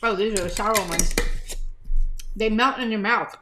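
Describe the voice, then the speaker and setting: A woman's voice: medium pitch, normal speed, heavy background noise. A woman hosting a casual live stream, chatting to viewers by name as she holds items up to the camera, sometimes talking with her mouth full.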